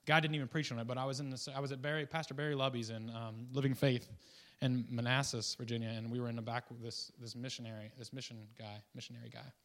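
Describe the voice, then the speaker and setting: A man giving an informal guest sermon. He talks in a rambling, conversational way with restarts and asides, swinging between loud, excited bursts and quiet, low remarks. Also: fast talker, few pauses. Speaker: guest preacher.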